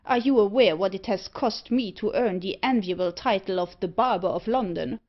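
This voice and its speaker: A woman voicing a proud, boastful male barber who talks loudly and with scorn. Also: medium pitch, normal speed, close to an everyday voice. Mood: scornful. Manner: loud and scornful. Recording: slightly dull audio.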